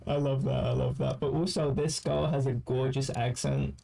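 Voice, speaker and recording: Gravelly man rambling. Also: medium pitch, steady tone, music in the background. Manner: rambling, halting with many restarts. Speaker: streamer reacting to clips. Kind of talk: casual commentary.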